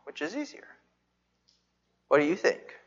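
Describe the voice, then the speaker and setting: A preacher giving a sermon, telling the story with animated asides, rhetorical questions and jokes. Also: mid-range voice, a little slow. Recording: dull reverberant hall recording.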